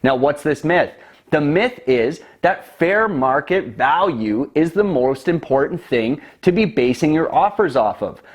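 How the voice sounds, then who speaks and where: A man's voice: a little high, animated, a little slow. A man, confidently explaining real estate investing straight to camera in an emphatic, persuasive way. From Canada. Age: 20s.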